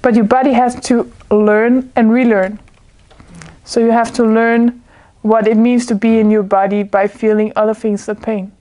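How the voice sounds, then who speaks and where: A woman's voice: medium pitch, warm tone. A woman giving an informal spiritual talk to a small group indoors. She sounds earnest, searches for her words, and often laughs. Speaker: spiritual speaker.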